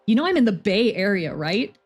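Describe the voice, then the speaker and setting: A woman's voice: medium pitch, big pitch swings, brisk, soft background music. A woman voicing a weary, wry young woman football player who sighs and curses. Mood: frantic. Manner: sarcastic, sighing, swearing.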